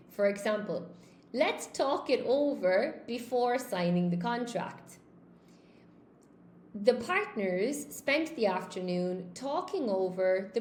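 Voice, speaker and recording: A woman's voice: mid-range voice, a little mellow, reverberant, a little hiss or hum. A woman English teacher, from Spain, giving a chatty live lesson and reading out viewer comments.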